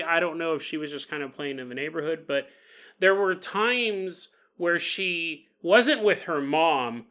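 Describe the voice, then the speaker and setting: Bright-voiced male podcast storyteller. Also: a little high. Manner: animated retelling with acted-out quotes and stumbles. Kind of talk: paranormal story narration.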